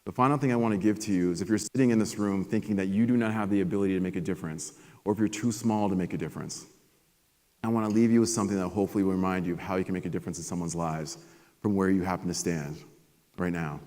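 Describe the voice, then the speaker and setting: A man giving a motivational keynote at a conference, energetic and animated as he tells stories to the audience. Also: low voice, fast. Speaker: keynote speaker. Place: large conference hall. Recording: long hall reverb.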